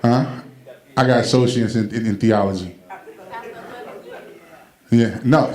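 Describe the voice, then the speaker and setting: A man's voice: medium pitch, a little slow, pauses often, background noise. Man telling stand-up stories on stage. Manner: animated, acts out quotes with loud shouted punchlines. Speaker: stand-up comedian. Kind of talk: stand-up storytelling. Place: comedy club stage.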